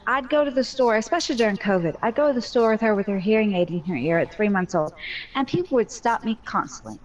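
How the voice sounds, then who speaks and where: A woman's voice: medium pitch, expressive, fast, muffled recording. A mother telling her story in a casual voice chat, candid and talkative with a joking streak.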